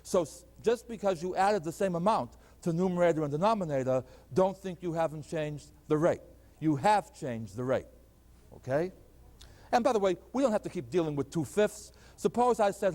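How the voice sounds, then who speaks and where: A math professor giving a chalkboard lecture, asking the class questions and answering them himself. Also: male voice, on the high side, a little mellow. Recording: 1980s lecture hall recording with long reverb.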